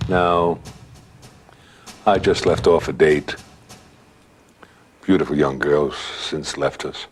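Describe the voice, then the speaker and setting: A man's voice: deep voice, darkish tone, slightly rough. A man telling a true ghost anecdote in a dramatic, conversational way. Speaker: guest storyteller.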